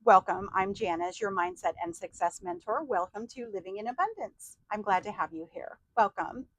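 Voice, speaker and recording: A woman mindset coach giving an animated motivational talk, acting out excited inner voices. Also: medium pitch, normal speed, no echo, rough recording.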